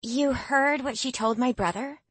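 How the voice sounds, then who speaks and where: A woman playing a gentle, consoling teen girl. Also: high voice, measured pace, dry recording, voice pushed up. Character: kind, soothing teenage girl.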